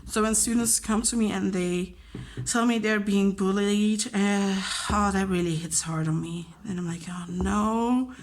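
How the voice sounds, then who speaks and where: A woman's voice: mid-range voice, fairly even intonation, normal speed. A woman, a teacher chatting casually and openly about her job, with many fillers and acted-out quotes. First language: Dutch. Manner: chatty, emotional, acts out quoted dialogue. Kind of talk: casual chat.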